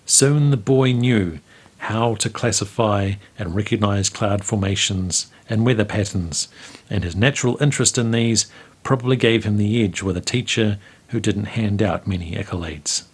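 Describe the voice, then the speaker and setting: Husky-voiced New man reading a memoir. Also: fairly low pitch. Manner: measured, storytelling delivery. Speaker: host reading local history stories. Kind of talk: read-aloud memoir narration.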